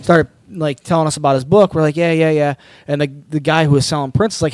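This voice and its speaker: A man's voice: fairly high pitch, steady tone, fast, hardly any pauses, dry recording, clean studio sound. Profane rambling man on a podcast. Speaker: podcast co-host. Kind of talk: casual podcast chat.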